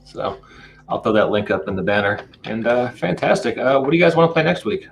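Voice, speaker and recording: A man hosting a gaming podcast, wrapping up the session in a casual, relaxed way. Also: mid-range voice, fairly quick, creaky, a little hiss or hum. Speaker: podcast host. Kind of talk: casual outro and sign-off.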